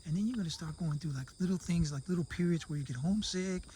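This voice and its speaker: A man with a high voice tells a long joke in a loose, casual way, jumping into the characters' voices as he goes. He talks outdoors, with a faint hum of crickets behind him. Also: fast. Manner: animated joke-telling, acting out the characters in raised voices. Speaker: vlogger living abroad. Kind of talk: casual storytelling to camera.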